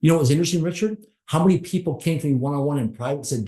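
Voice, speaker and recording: A middle-aged man pitched a little high tells a motivational story as an interview guest. He talks emphatically, piling up short repeated phrases. The recording has a roomy echo around his voice. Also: very fast, few pauses, mellow. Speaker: podcast guest.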